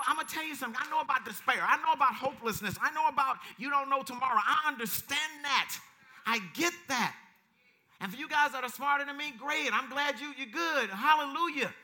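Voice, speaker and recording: A man preaching with a strikingly high voice. His tone is bright and sharp. He delivers emphatic, repetitive lines and quotes scripture. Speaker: pastor. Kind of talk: sermon.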